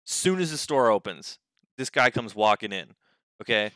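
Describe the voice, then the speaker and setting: A man hosting a podcast, telling a funny story in a casual, animated way, quoting people and swearing. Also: on the low side, moderate pace, no echo. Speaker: podcast host.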